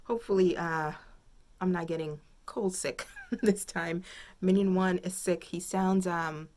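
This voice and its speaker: A woman's voice: fairly low pitch, steady tone, unhurried, a little mellow. A woman hosting a crafting video podcast from home, chatting casually and thinking aloud, rambling with many fillers. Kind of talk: casual chat.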